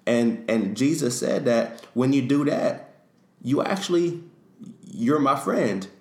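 A man's voice: medium pitch, expressive, slow pace, darkish tone. A man co-hosting a faith discussion, talking in an earnest, teaching way. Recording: echoey room.

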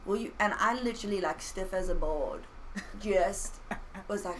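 A woman who has been a pastor, telling personal faith stories in an earnest, animated way with playful self-mockery. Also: medium pitch, normal speed, slight background noise, low-quality recording. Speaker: pastor and podcast guest. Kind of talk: casual faith conversation.

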